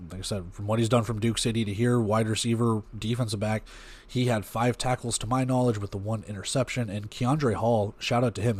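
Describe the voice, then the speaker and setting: A man with a somewhat low voice hosts a laid-back football recap. He reads off stats and plays in a loose, conversational way, often wandering into asides. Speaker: podcast host. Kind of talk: casual sports recap.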